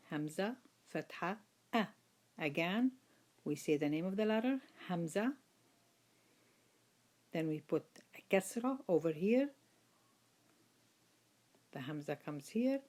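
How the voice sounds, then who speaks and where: Slow, patient woman teaching letters. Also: on the low side, dark tone. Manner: patient, repeats each sound several times. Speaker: Quran reading teacher. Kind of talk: slow step-by-step lesson.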